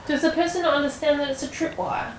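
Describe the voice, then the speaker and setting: A woman chiming in from off camera, teasing and quick to laugh. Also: high-pitched, steady tone, echoey room, a little hiss or hum, low-quality recording. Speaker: off-camera companion.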